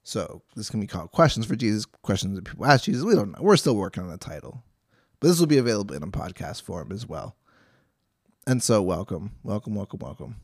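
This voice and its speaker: A man's voice: lowish voice, very animated, fast talker, darkish tone, breathy edge, no room sound, clean studio sound. A young man hosting a Bible study podcast, reading scripture and chatting casually with jokes and frequent restarts. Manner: chatty, jokey, self-interrupting.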